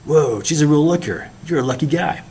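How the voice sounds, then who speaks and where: A man's voice: on the high side, animated, fairly quick, warm tone, slight background noise, voice pushed up. A man voicing a bitter scheming young navy officer. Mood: falsely friendly. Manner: snappy, forced friendliness.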